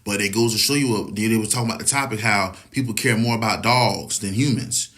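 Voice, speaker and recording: A man's voice: lowish voice, fast talker, a bit bright. A man giving a casual, rambling opinion monologue, swearing often and asking if you follow him. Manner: profane, rambling, keeps asking "you know what I'm saying".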